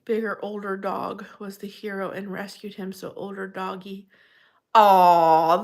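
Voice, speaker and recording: A woman's voice: medium pitch, fairly even intonation, normal speed. Woman, livestream host, casual chat, laughs often, greets viewers by name. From Pennsylvania.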